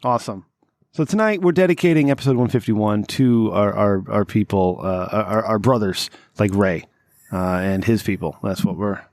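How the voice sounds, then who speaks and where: A man's voice: lowish voice, normal speed, darkish tone, no echo. A man hosting a comedy podcast, rambling and sarcastic with a lot of swearing, groggy from having just woken up. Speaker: podcast host. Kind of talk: casual comedic podcast chat.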